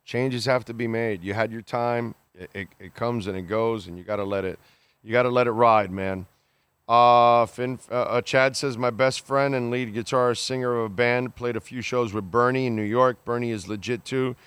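A male podcast host with a smooth, resonant voice, recorded dry and close. He reacts bluntly and with exasperation, swears freely, and stumbles through restarts as he talks. His pitch sits in an ordinary middle range. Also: fairly even intonation, fairly bright tone, dry recording. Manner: halting restarts, many fillers. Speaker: podcast host reading listener comments. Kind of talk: casual chat.

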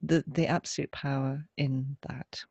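Soft tender woman podcaster, laughs a lot, dry close sound. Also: extremely low pitch, flat delivery, unhurried, creaky, slightly rough, no echo, muffled recording. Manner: gentle, tender, laughs often. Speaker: podcast co-host. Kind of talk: reflective parenting podcast chat.

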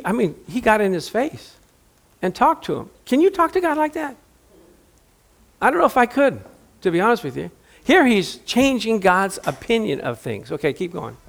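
A middle-aged man preaching a sermon in a lively, joking way, acting out the voices of Bible figures. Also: extremely high pitch, creaky. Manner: animated, jokey, acts out Bible voices.

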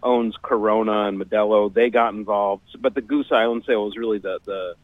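A man with a fairly low voice speaks as a radio guest over a tinny phone line. He explains at length in a measured way, pausing on fillers as he thinks. The line sounds narrow and very dry. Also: fairly even intonation, dry recording. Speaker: guest, beer writer.

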